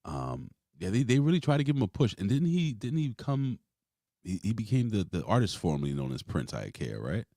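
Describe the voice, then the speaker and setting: His fairly low voice moves along fairly quickly as this man in his forties spins animated, profanity-laced stories on his casual wrestling podcast. He rambles freely, and the recording is dry and studio quality.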